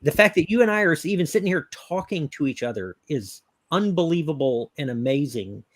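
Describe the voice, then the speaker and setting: A man talks earnestly and thoughtfully on a live web talk show. His voice sits a little high, and the recording is dry and close. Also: expressive, fairly quick, no echo. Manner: reflective, earnest. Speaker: co-host. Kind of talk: casual chat.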